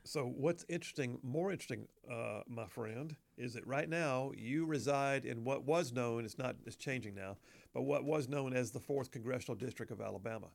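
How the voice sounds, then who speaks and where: A man's voice: medium pitch, moderate pace, vocal fry. A male talk show host speaking casually, folksy and wry, drifting into rambling asides.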